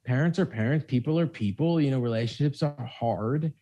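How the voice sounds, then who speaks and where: Male podcast co-host; casual, halting, rambling film chat. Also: medium pitch, mellow.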